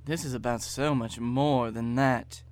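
A man voicing a cold, taunting woman villain in a comedy podcast story, with low-key menace. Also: steady tone, measured pace, natural voice.

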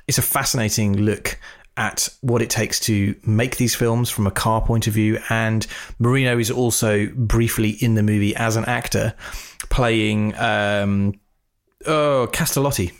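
A man co-hosting a podcast, chatting casually about a film and breaking into animated, high-pitched mock reactions. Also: measured pace. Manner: animated, mimics reactions in raised voice. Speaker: podcast co-host. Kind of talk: casual film review chat.

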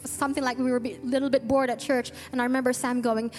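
High-voiced woman preaching in a reverberant church. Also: fast. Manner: earnest, animated storytelling with many restarts. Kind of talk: sermon. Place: church hall. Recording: long reverb with faint music.

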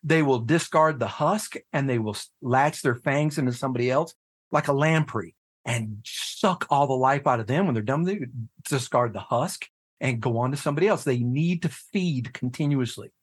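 Animated man telling his story, swearing freely. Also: mid-range voice, normal speed, husky. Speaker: guest, head of a fathers' nonprofit. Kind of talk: casual podcast conversation.

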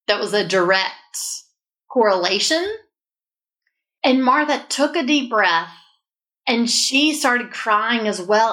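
A woman tells a personal story of faith in an earnest, heartfelt voice. Her pitch sits in a middle range, and she leans into the emotional moments as she recounts them. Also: a bit bright. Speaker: guest. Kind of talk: personal testimony in a faith conversation.

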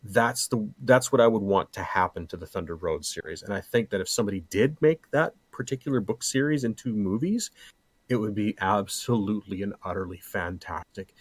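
Low-voiced playful middle-aged man. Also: a little fast, husky, no echo. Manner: playful, jokey, rambling. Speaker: podcast co-host. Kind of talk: casual chat.

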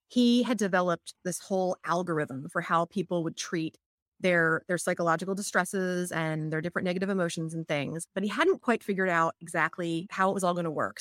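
A woman's voice: fairly low pitch, a bit bright, no echo, studio quality. A middle-aged woman, an EFT practitioner, chatting casually and telling stories with lots of "like" fillers. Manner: chatty, many "like" fillers, storytelling. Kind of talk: casual explanatory chat.

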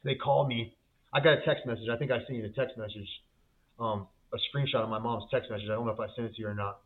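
A business owner appears as a guest to give a fervent, emotional faith testimony, telling his story in casual slang with frequent repeats and restarts. His mid-range voice is steady and fast, heard over a tinny, phone-like line.

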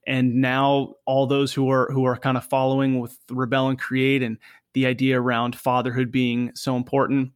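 A man's voice: mid-range voice, monotone, normal speed, clear, resonant tone, no room sound, studio quality. A man hosting a podcast, thanking his guest gratefully and often repeating his words. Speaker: podcast host. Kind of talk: podcast interview closing remarks.

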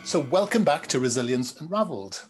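A man's voice: fairly high pitch, lively intonation, a little fast, slightly rough, faint music behind. A man hosting a podcast, chatting casually with his guest. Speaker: podcast host. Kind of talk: podcast intro and interview.

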